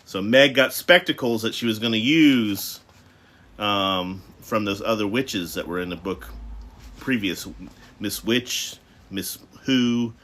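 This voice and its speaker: A man's voice: lowish voice, fairly bright tone. A man reading a novel aloud, dropping into chatty asides with fillers.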